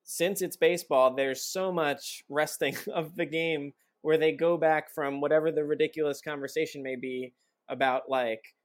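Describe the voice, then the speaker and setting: Chatty man guest, slightly high voice. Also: fairly even intonation, moderate pace. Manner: chatty, laughs mid-sentence. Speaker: podcast guest. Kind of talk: casual chat.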